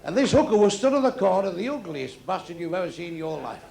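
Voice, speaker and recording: A man's voice: high voice, very animated, fast talker, gravelly. An older man doing a crude, blunt stand-up routine on a nightclub stage, heckling his band between jokes. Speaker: stand-up comedian. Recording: live club show with loud crowd. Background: audience laughing.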